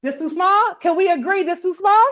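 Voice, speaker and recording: A woman's voice: very high voice, moderate pace, a bit bright. A woman leading a motivational workshop, pumping up a live audience with colloquial call-and-response. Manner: colloquial, uses "y'all". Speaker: workshop speaker. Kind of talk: energetic motivational workshop talk.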